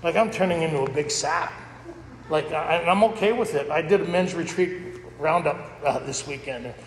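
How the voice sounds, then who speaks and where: Man, somewhat high voice, candid storytelling, laughs as he talks, roomy hall echo, faint background noise. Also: normal speed. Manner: candid, jokey, laughs through his stories. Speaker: speaker at a recovery roundup. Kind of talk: personal storytelling talk to an audience. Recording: echoey hall with long reverb.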